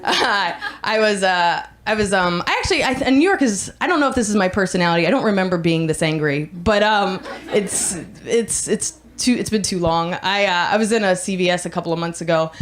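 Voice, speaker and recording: A woman in her thirties doing a stand-up set on a club stage, deadpan with dark jokes, laughing at her own lines. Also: medium pitch, fairly quick, hardly any pauses. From United States. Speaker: stand-up comic.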